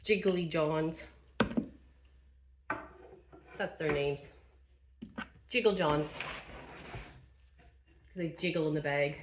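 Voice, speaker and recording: A woman's voice: sits low, slow pace, background noise. A woman vlogger narrating casually to herself as she assembles furniture, chatty and self-deprecating.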